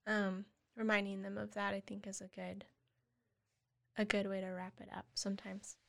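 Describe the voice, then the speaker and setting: A woman guest on a podcast, earnestly explaining how she supports children, often acting out gentle words to a child. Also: medium pitch, level tone, normal speed, vocal fry. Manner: earnest, acts out gentle parent dialogue. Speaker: guest, family therapist. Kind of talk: casual interview chat.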